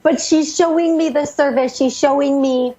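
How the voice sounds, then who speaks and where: A woman psychic medium hosting a call-in radio show, relaying messages in a rushed, breathless way full of restarts. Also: high voice, fairly even intonation, warm tone, highs cut off.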